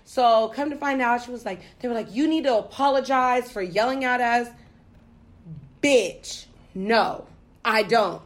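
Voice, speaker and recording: A young woman from the United States telling a story in casual chat, profane and animated. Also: on the high side, a little slow.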